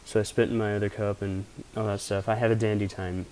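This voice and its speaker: A man's voice: lowish voice, level tone, quick pace, a little mellow, a little hiss or hum. A young man from Pennsylvania casually telling rambling, profane stories as a vlogger. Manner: rambling, profane, laid-back anecdotes. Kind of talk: casual storytelling.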